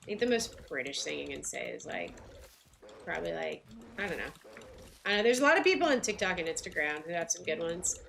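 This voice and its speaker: A woman's voice: lowish voice, big pitch swings, brisk, vocal fry, a bit bright, a little hiss or hum. A woman with a light Southern US accent streaming a game, chatting casually with viewers and laughing often. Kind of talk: casual livestream chat while playing.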